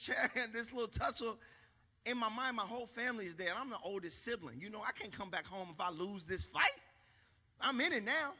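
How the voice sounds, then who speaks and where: A man telling a stand-up story on a church stage, animated, acting out shouts and asking the crowd if they follow. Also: very high voice, fairly quick, creaky, big-room sound. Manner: animated, acts out shouts, asks the crowd for agreement. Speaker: stand-up comedian.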